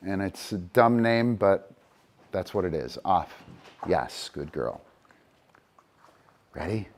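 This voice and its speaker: Unhurried man training dogs on camera. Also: sits low, slight background noise. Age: middle-aged. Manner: coaxes dogs with soft praise, then explains in a steady, unhurried way. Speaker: dog trainer. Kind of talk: live training demonstration.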